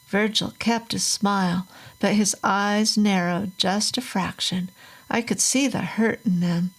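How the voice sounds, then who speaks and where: Woman narrator, scripted horror story, slow measured delivery, mid pitch. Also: fairly even intonation, low-quality recording.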